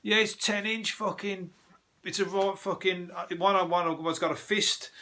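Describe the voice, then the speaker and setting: A man's voice: high voice, flat delivery, takes it slowly, bright, forceful tone, pitched above the performer's own voice, exaggerated voice. A man doing a shrieking drunk Geordie lass. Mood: brash. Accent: mock Geordie. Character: rowdy drunk young Geordie woman boasting.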